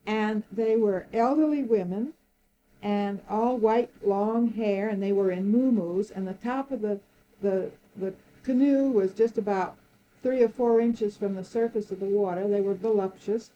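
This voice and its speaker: A woman's voice: mid-range voice, measured pace, lo-fi sound, a little hiss or hum. An older woman recalling old times in an interview, telling her story with frequent laughter. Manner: lively storyteller, laughs often, acts out quoted speech. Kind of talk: oral history reminiscence.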